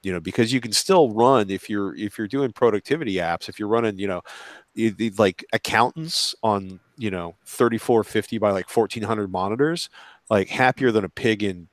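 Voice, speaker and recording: A man with a fairly low voice, talking as a panel guest in a live online discussion. He rambles through his thoughts, jumping into acted-out quotes along the way. The sound is dry and close. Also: normal speed, dry recording.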